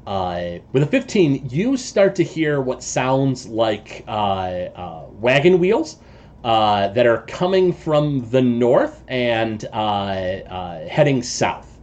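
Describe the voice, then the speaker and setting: A man narrating as game master of a tabletop game, halting and full of filler sounds. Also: medium pitch, big pitch swings, darkish tone, lo-fi sound.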